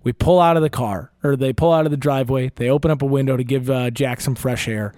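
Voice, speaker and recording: A man's voice: mid-range voice, fairly even intonation, fast, hardly any pauses, dark tone, no echo. A young man telling a wild story in a casual chat, rambling and profane, with lots of fillers and restarts.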